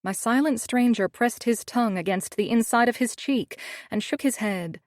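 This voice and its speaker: A woman's voice: on the high side, normal speed, no echo. A woman narrating a first-person romance audiobook in a wry, snarky tone, on a studio microphone.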